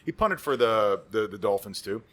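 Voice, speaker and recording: Guesting on a podcast, an ex-pro football lineman in his forties spins profane, wandering tales with boisterous energy. His fairly low voice is animated and a bit bright, moving at a moderate pace, with a little hiss or hum in the audio.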